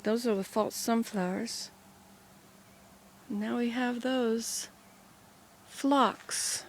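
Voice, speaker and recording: Woman, slightly high voice, chatty and meandering, outdoor garden, faint background hiss. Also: fairly even intonation, drawn-out words. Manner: chatty, meandering, talks to herself and the camera. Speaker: vlogger. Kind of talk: casual rambling vlog.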